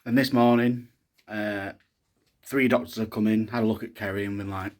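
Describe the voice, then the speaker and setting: Worn out and low on energy, a young new father vents his frustration about hospital care in a casual video diary. He speaks unhurriedly at a fairly low pitch in a steady tone, leaving long pauses.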